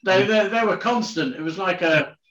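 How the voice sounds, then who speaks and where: A man's voice: high-pitched, normal speed, fairly bright tone. A man chatting casually as a co-host, reminiscing with stammered restarts. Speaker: podcast co-host. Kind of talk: casual chat. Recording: echoey, dull lo-fi room sound.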